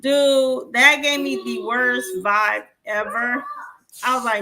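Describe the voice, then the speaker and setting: A woman's voice: fairly high pitch, fairly even intonation, slow pace, pushed and bright, a little hiss or hum. A woman in her forties, a podcast co-host, telling stories animatedly and swearing freely as she acts out the dialogue. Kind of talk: casual storytelling chat.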